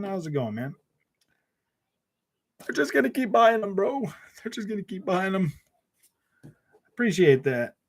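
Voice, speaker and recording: A man hosting a gaming channel, chatting casually on a live stream in a sarcastic, mocking way and saying "man" and "bro" a lot. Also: a little high.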